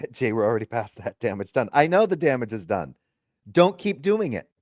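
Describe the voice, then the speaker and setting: A man's voice: mid-range voice, big pitch swings, normal speed, dry recording, muffled recording. A man hosting a casual livestream, talking loosely, swearing freely and laughing often. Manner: retells arguments in quoted voices. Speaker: livestream host.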